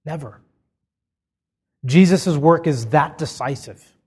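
Male pastor, fairly high voice, passionate sermon delivery with wide swings in loudness. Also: measured pace. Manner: impassioned, swells to high emphatic peaks then drops low and quiet.

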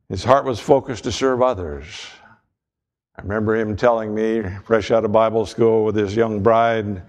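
A man's voice: fairly low pitch, darkish tone. Man preaching a folksy sermon. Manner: measured preaching with folksy humor. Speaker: pastor.

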